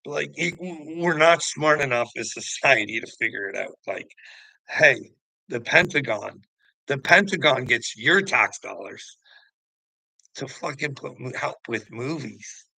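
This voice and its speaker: A man rants in a loose, profane ramble, his gravelly voice carrying a bright, pushed edge. The sound is dry and close, with no room around it. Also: mid-range voice, lively intonation, unhurried, dry recording, poor audio. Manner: profane, rambling, laughs often. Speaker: host. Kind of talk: casual ranting talk.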